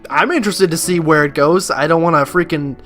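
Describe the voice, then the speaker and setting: A man's voice: on the high side, brisk, fairly bright tone, soft background music. A man hosting a let's play video, reacting in a joking, bemused way. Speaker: gaming video host.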